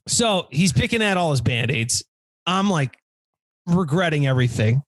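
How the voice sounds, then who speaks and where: A podcast host in his thirties tells a story in casual chat, animated and swearing a lot while acting out the people he quotes. His voice is on the high side, at a normal speed, with no echo.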